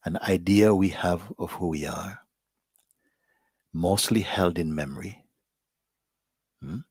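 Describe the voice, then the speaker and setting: This male spiritual teacher's voice sits low and is slightly rough as he gives a slow, contemplative satsang talk to a live gathering. He often quiets almost to a whisper, and the studio sound is clean with no room sound.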